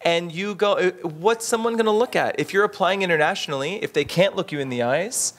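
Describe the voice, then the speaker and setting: A man speaking on a conference panel in a casual, animated way, with frequent restarts and fillers. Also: sits high, fairly quick.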